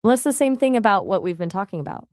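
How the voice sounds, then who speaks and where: A woman's voice: medium pitch, animated, fast, darkish tone, no echo, studio quality. A woman's voice acting as an AI voice assistant in casual chat, chatty and polite, often asking follow-up questions.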